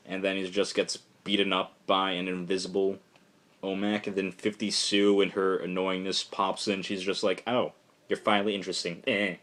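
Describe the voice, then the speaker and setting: A low-voiced man casually reviews a comic book issue for a vlog, rambling excitedly and peppering his talk with "like" and "just."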